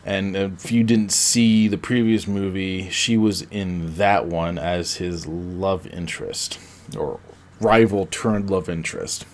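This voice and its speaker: A man's voice: on the low side, a little mellow. A man hosting a podcast, casually recapping a movie in a rambling way, with fillers and self-corrections. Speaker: podcast host.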